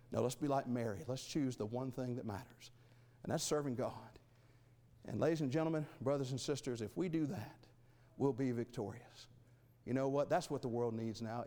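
A man preaching a sermon, asking rhetorical questions and swinging between loud and soft. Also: mid-range voice, in a large hall.

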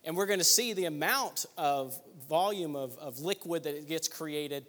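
A man's voice: fairly high pitch, normal speed, a bit bright, big-room sound. A man leading a Bible study group, teaching conversationally and thinking aloud with small restarts.

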